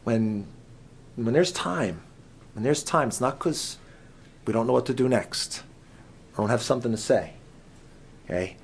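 A male preacher delivers a sermon at a camp meeting, his pitch leaping up and down as he tells the story. He keeps questioning the congregation and swings from loud cries to near whispers, with a faint hum of the room around him. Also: expressive, measured pace, gravelly, long pauses. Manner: dramatic, swings from shouts to hushed whispers; asks the audience many questions.

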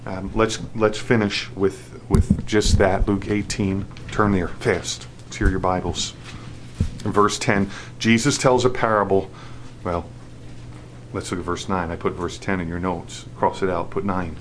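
A man's voice: low-pitched, fairly even intonation, measured pace, a little hiss or hum. A man preaching a sermon, restarting phrases with fillers and rising into an emphatic, repetitive cadence. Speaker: pastor.

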